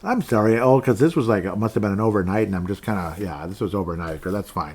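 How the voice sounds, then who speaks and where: Talking fast with few pauses, a solo podcast host rambles between ideas in a somewhat low, darkish voice with a breathy edge. He mutters to himself and chuckles as he reads out comments from listeners.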